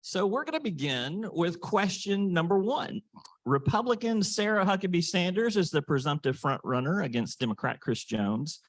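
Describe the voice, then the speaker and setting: A man's voice: sits high, animated, normal speed, no echo. A man leads a panel in a meeting room. He tells stories in a loose, folksy way full of fillers. The sound is dry and close. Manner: folksy storyteller with many fillers. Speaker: panel moderator. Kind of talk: casual anecdote and moderating.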